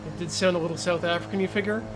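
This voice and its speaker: A man's voice: high-pitched, steady tone, rapid-fire, over music. A man streaming a sim racing game, chatting casually, coaching himself and joking with viewers. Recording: game car engine noise underneath. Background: racing game engine and track sounds.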